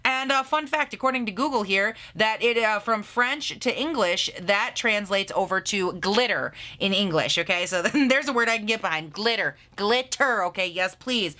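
Bright-voiced gushing woman beauty vlogger. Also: mid-range voice, moderate pace, hardly any pauses. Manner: gushing and sassy, lots of laughs and gasps. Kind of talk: makeup review vlog.

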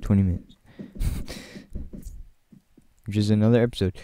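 A man's voice: on the low side, steady tone, unhurried, warm tone, slight background noise. A man giving casual, chatty commentary while playing, joking and laughing often and rambling straight to his viewers. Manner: rambling, talks to viewers directly. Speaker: gaming channel host.

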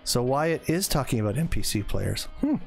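A man's voice: mid-range voice, very animated, normal speed, vocal fry, soft background music. Chatty streamer in his forties. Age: 40s. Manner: chatty, reads viewer comments aloud and reacts. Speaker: game streamer. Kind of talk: casual live-stream chat while playing.

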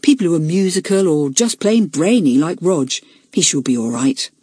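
A woman doing a calm whispering schoolboy. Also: fairly low pitch, normal speed, husky, dry recording, clean studio sound. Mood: reassuring. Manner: whispered, matter-of-fact. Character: calm reassuring schoolboy classmate.

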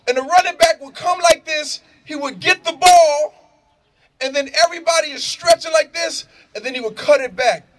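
Middle-aged man, very high voice, loud animated preaching full of slang and shouts. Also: normal speed, a little hiss or hum. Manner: loud, shouting, laughing, street-slang storytelling. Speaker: motivational speaker. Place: prison gathering space.

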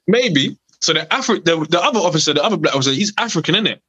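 This young South East Londoner speaks rapid-fire in a fairly high, slightly rough voice with a London accent. As a podcast guest he tells a casual story, animatedly acting out the people in it, over a dry, rough recording.

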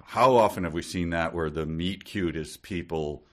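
Male podcast co-host, lower register, dry sarcastic reader who slips into silly voices. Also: moderate pace. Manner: wry, sarcastic, reads passages in silly put-on voices. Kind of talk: casual chat, reading aloud and mocking a book.

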